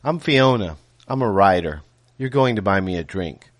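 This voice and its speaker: A man's voice: fairly low pitch, expressive, moderate pace, lightly acted. A man voicing a bold, confident young woman writer.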